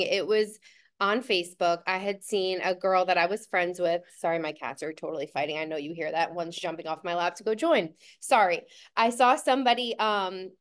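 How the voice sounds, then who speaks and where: A woman's voice: fairly low pitch, clean tone. A woman in her thirties from New Jersey hosting a team call from home, chatting affectionately with rambling asides over a video call. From New Jersey, USA. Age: 30s. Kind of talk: casual personal introduction.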